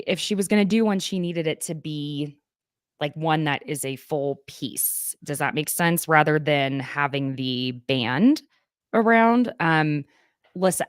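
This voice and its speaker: A woman's voice: deep voice, a little slow, clean tone, dry recording, clean studio sound. A young adult woman with a slight Southern accent, hosting a casual gossip recap and laughing often. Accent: Southern American. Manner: chatty, laughs often, reads quotes aloud. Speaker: podcast host.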